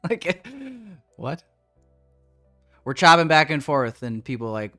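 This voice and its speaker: A man's voice: mid-range voice, moderate pace, pauses often, faint music behind. Profane young man ranting on livestream. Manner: animated, profane, ranting at chat. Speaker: trading livestream host. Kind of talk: casual livestream commentary.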